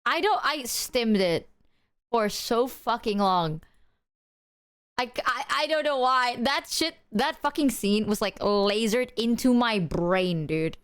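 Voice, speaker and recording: A young woman streamer chatting away, rambling and excitable, with plenty of casual swearing. Her voice sits a bit high and comes through smooth and clean. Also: takes it slowly. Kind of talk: casual livestream chat.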